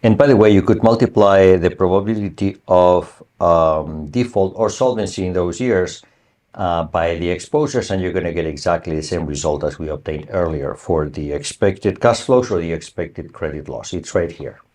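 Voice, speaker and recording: A man's voice: sits low, moderate pace, a little mellow. A male university lecturer explaining material in a conversational way, often checking with the class whether they follow. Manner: conversational, asks the class for confirmation. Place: online or recorded lecture.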